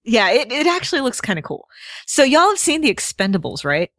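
A woman's voice: fairly high pitch, big pitch swings, brisk, a bit bright, no echo, studio quality. A woman co-hosting a podcast, chatting casually about films, joking and laughing a lot. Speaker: podcast co-host.

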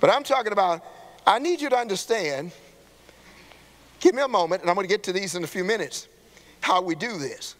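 A man preaching a sermon to his church. He calls out to the congregation and builds to shouts. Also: high voice, animated, a little fast, long pauses. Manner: call-and-response preaching, rising to shouts. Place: church sanctuary. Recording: long hall reverb in a church.

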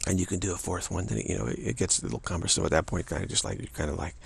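A man with a low, deeply husky voice, full of gravel and fry. He speaks as a spiritual teacher in a loose, musing way. He repeats long phrases and trips over them as he goes. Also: very fast. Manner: repetitive, stumbling over tongue-twisting phrases; casual and musing, many fillers. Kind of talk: rambling spiritual talk.

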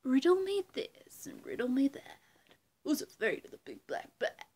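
A woman doing an impression of a theatrical male riddling supervillain, smug and unhinged, hammy and drawn-out. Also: sits high, very animated, a little mellow, heavily acted. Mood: gloating.

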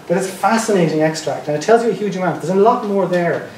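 A man's voice: sits high, fast, a little mellow. A man with a South County Dublin accent giving an informal public lecture, talking in a conversational, digressive way and restarting his phrases. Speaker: guest lecturer. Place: lecture room in an archive building. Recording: roomy, distant mic, faint background noise.

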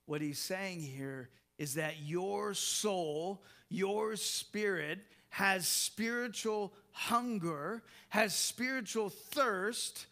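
A man delivers a sermon at an unhurried pace, his voice pitched high and bright. He leans on words for emphasis and lets small laughs slip between phrases, sometimes repeating himself as he goes. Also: gravelly. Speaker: pastor.

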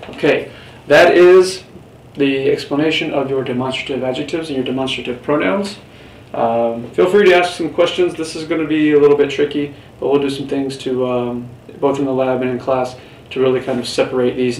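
A man's voice: medium pitch, darkish tone, far from the mic. A man teaching a Spanish class in a recorded lecture, explaining step by step and quizzing his students. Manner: patient, explains step by step, asks the class questions. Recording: roomy, off-mic, faint background hiss.

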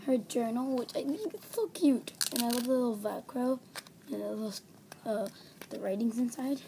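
High, gushing female vlogger, noisy home audio. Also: moderate pace. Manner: gushing, gasping, breathless excitement. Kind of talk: excited doll unboxing vlog. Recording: home recording with background noise.

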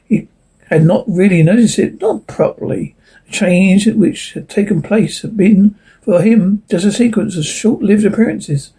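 A woman's voice: medium pitch, a little slow, mellow, breathy edge, low-quality recording. A woman reading a classic novel aloud as narrator, informal, with small restarts.

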